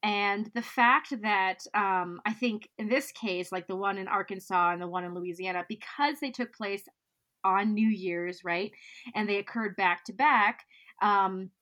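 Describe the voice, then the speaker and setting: A woman's voice: medium pitch, a little slow, pushed and bright. A woman co-hosting a podcast, reading out facts with playful asides in a casual chat. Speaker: podcast co-host.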